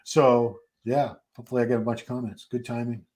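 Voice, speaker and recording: A man's voice: mid-range voice, level tone, fairly quick, a crowd in the background. A man in his fifties hosting a live watch party stream, chatting casually, restarting his sentences and talking to the chat. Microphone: streaming setup.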